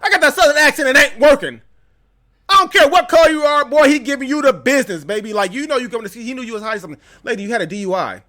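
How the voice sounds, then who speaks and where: A man reacts to a video in loud, sassy commentary, laughing and teasing as he goes. His voice sits very high and sounds bright and forceful. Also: expressive, racing.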